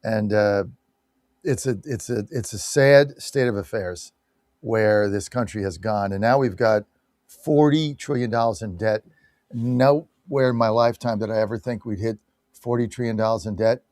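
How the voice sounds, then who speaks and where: A man's voice: on the low side, no room sound, clean studio sound. A man hosting a live call-in radio show, reacting to callers and then riffing on the news. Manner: animated, quick to react, breaks into laughter. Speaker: radio talk show host.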